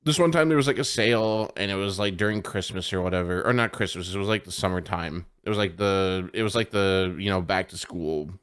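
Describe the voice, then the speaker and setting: A man's voice: deep voice, a little fast, few pauses, a bit bright, clear, resonant tone. A man co-hosting a live podcast, telling a long rambling story in casual chat, swearing freely and laughing at his own tale. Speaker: podcast co-host. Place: home streaming setup.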